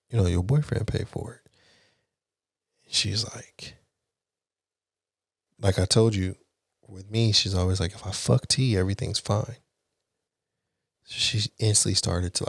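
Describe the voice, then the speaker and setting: Young adult man, podcast guest; low voice, dry close sound, candid and animated storytelling. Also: dry recording. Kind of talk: casual storytelling.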